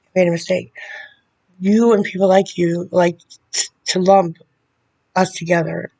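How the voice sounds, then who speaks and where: A woman speaking straight to the camera in a video letter, bitter and confrontational, often halting and restarting her sentences. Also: fairly low pitch, flat delivery, gravelly, warm tone. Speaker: vlogger addressing a public figure.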